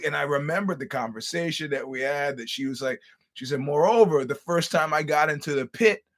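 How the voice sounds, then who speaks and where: A man's voice: medium pitch, husky. A man hosts his own show and talks straight into it. He tells a rambling story and swears freely. He acts out each person's lines as he goes. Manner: profane, animated storytelling with acted-out quotes. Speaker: podcast host. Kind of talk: casual storytelling monologue.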